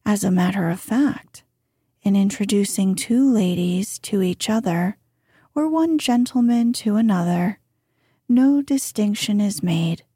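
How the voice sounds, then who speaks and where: A woman reads aloud in a soft, gentle bedtime voice with a breathy, husky edge. Her tone is mellow and she takes her time. The sound is close and dry. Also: medium pitch, a little slow, no room sound. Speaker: reader. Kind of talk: calm bedtime reading of an old book.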